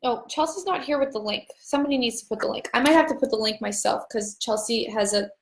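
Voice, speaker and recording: Upbeat woman coach, fairly high voice, loose rambling pep talk, roomy echo. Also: animated, fast, a little hiss or hum. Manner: chatty, upbeat, rambling, with casual swearing. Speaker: voice class facilitator. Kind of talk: casual motivational talk to an online audience.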